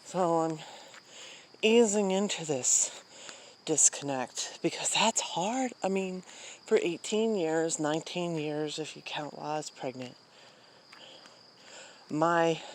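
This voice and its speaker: A woman's voice: low voice, a little mellow, a little hiss or hum. Rambling woman talking on a night walk. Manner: rambling, frequent fillers and sighs. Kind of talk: casual monologue while walking. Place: outdoors at night. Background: crickets and insects.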